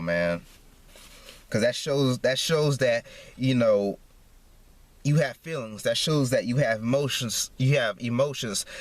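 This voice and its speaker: A man's voice: mid-range voice, no echo. A man ranting to camera in a repetitive, heated monologue, tacking "man" onto his sentences. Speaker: vlogger.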